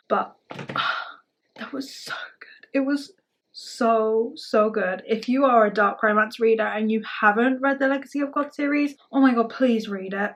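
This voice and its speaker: A woman chatting casually to camera as a book vlogger, gushing and rambling with lots of "like". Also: on the high side.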